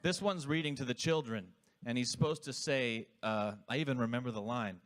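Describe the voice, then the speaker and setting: A man's voice: mid-range voice, fairly quick, hardly any pauses. A man with a mid-range voice telling a funny story on a convention panel. He rambles and loses his thread, then switches to another tale. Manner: rambling, easily sidetracked, jokey. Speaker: cast member at a reunion panel.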